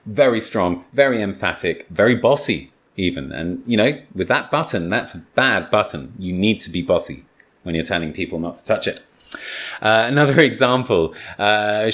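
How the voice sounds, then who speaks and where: A man with a lowish voice gives a relaxed spoken English lesson. He talks loosely, with plenty of fillers, restarts and asides, as if chatting with the learner. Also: normal speed. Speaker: English teacher.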